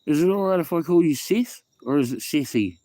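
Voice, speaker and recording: A middle-aged New Zealand man rambles through a casual phone livestream, restarting sentences and tossing in "bro" and "eh". His voice is mellow and relaxed, recorded dry and close with no room sound. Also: fairly high pitch, fairly quick, no echo. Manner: rambling, repeats himself, reads chat aloud, says bro and eh. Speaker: livestream host. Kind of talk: casual livestream chat with viewers.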